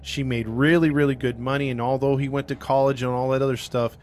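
A man hosting a true crime podcast, telling the case in a casual, animated way and acting out what people said. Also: medium pitch, quick pace, a little hiss or hum. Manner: animated, acts out quoted people, laughs often. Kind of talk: casual storytelling.

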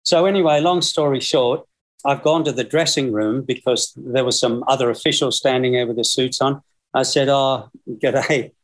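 A man's voice: medium pitch, moderate pace. A man in his sixties with an Australian accent, a guest telling long, rambling stories and chuckling through them over a video call. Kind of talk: casual storytelling.

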